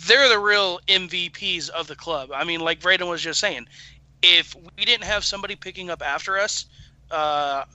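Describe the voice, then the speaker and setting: Bright high-voiced man on a podcast panel. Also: moderate pace, no room sound, poor audio. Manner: earnest, stumbling over repeated words. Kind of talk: casual podcast chat.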